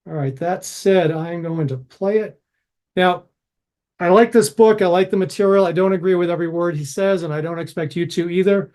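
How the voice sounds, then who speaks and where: A man with a higher voice leads an online session over a video call. He talks in a relaxed, chatty way, pausing and restarting now and then as he speaks. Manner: relaxed, chatty, slightly halting. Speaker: workshop facilitator. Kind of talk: casual online workshop talk.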